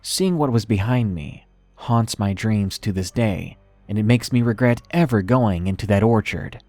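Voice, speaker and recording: Male horror narrator, low register, measured ominous reading over soft music. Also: dry recording. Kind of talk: scripted horror story narration. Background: faint background music.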